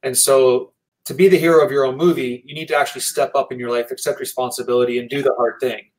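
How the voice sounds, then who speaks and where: Earnest Canadian man, mid-pitched. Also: steady tone, rough recording. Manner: earnest, measured, keynote-like phrasing. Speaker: guest motivational speaker. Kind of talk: interview answers.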